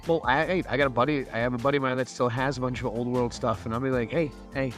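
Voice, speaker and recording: A man co-hosts a relaxed hobby podcast, gushing with enthusiasm and laughing easily. His voice sits at an ordinary middle pitch, with faint music underneath. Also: racing. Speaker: podcast co-host. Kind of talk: casual hobby chat.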